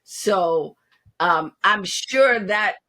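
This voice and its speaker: A woman hosting an interview in a bright, forward voice, taking her time with each phrase. She asks questions and stresses her compliments by repeating them. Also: medium pitch, expressive, very slow. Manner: warmly affirming, repeats for emphasis. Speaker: podcast host, interviewer.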